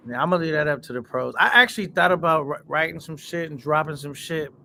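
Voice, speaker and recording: A man's voice: fairly high pitch, fast talker, gravelly, sharp tone, slight background noise. A man hosting a casual livestream, bantering in slang and reading out viewer comments. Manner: laid-back slangy banter, reads chat comments. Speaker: livestream host.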